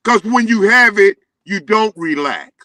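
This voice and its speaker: Casting: loud morning-show man with a lisp, high sharp voice, dry close mic, rants and yells insults. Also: animated, unhurried, dry recording, poor audio. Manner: yelling, insulting, rambling. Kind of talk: heated on-air banter.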